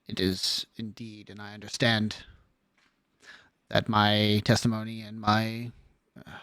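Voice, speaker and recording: A man voicing a guarded, formal nobleman in a tabletop game, speaking slowly and choosing his words carefully. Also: lowish voice, a bit bright, no echo, clean studio sound. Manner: measured, formal speech. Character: guarded older male nobleman, measured and careful.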